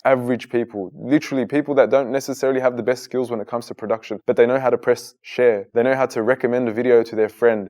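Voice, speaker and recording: This is a man in his thirties who grew up in Australia. His pitch sits in the middle and he sounds earnest. He tells his own story for an interviewer and grows animated when he quotes other people. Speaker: guest, Muslim content creator.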